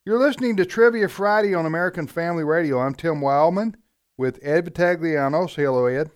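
A man's voice: on the high side, a little fast, smooth, dry recording, clean studio sound. A man hosting a radio talk show and reading promos in an upbeat, announcer-like way. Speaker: radio host.

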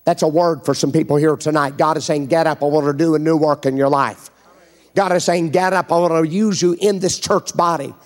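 A man preaches a fervent sermon in a church, calling out to the crowd for responses. His voice sits a little higher than usual for a man. He acts out the scripture scenes as he goes. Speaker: evangelist preacher. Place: church before a congregation.

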